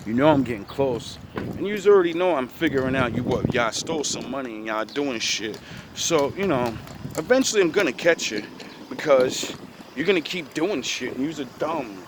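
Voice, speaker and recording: A man's voice: mid-range voice, lively intonation, moderate pace, noisy background. A man ranting casually to the camera outdoors, rambling, profane and confrontational.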